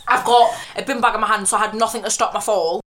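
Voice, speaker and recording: A woman's voice: medium pitch, fairly even intonation, a little fast, fairly bright tone, a little hiss or hum. A young woman, chatting and telling stories as a podcast co-host, often giggling. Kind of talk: casual chat.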